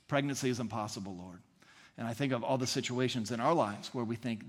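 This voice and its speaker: A man's voice: medium pitch, fairly quick. A man preaching a sermon as the pastor, earnest and fond of repeating phrases for emphasis. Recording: long reverb in a large hall.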